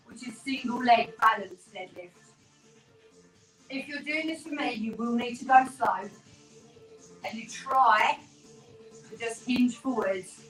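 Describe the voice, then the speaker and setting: Chatty and encouraging, a fitness instructor coaches a home workout class in a small terraced-house room, counting reps with her viewers and a bit out of breath. Her voice is on the high side and a bit bright. The camera mic picks her up from across the room, so the sound is roomy and distant, with faint workout music in the background.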